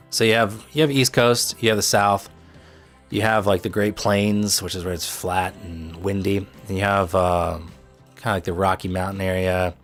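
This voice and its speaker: With faint music in the background, a young Midwestern man with a Chicago accent hosts a livestream, talking in a low, slightly bright voice at a moderate pace with fairly even intonation. His rambling is loose and chatty, peppered with "like," "um," and blunt remarks.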